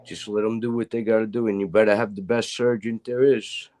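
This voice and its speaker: A man's voice: lowish voice, fairly even intonation, a little fast, a little mellow. A middle-aged man in casual chat, telling rambling stories full of swearing. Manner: profane, rambling storyteller.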